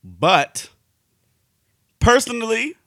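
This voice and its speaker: Bright, animated joking man. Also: extremely high pitch, extremely slow, vocal fry, no echo, studio quality. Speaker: podcast co-host. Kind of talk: casual chat.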